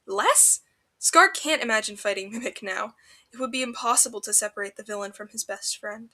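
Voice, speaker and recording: Woman reading fanfic out loud, expressive, really bright voice, a bit high. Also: fairly quick. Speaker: fanfiction podcast reader. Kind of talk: storybook narration.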